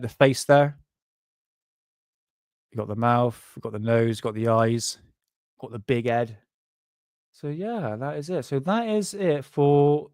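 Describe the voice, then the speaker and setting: A man's voice: medium pitch, no room sound, clean studio sound. Cheeky, rambling man on livestream. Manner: rambling, laughing, cheeky, swears freely. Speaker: host of a paranormal livestream. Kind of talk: casual livestream chat.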